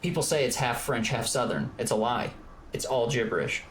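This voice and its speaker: A man from Georgia chatting casually on a gaming stream, his voice sitting at an ordinary middle pitch. He rambles and gets excitable, padding his sentences with filler words. A faint noise runs underneath. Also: moderate pace. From Georgia, US South. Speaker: streamer, co-host.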